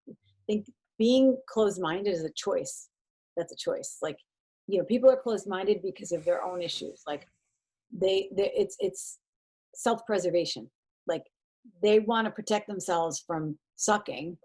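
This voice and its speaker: A woman in her thirties, a guest on an interview podcast, talking casually and acting out quoted exchanges. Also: moderate pace. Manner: animated, acts out quoted exchanges in a higher voice. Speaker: podcast guest, triathlete and mindset coach.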